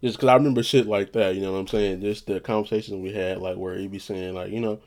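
Low-voiced man rambling casually. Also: fast talker. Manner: low monotone voice that he says he projects; fills with "you know what I'm saying". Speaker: vlogger; retail worker.

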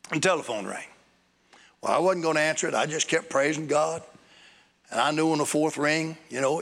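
Man preacher, gravelly, storytelling, big hall reverb. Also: a little high. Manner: storytelling, rising to excited bursts. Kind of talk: sermon. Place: church hall. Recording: echoey hall.

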